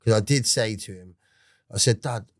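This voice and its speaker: An Englishman in his forties with a lowish voice talks at a moderate pace in clean, echo-free studio audio. As a podcast guest, he tells his life story in a casual, rambling way, swearing and restarting a lot.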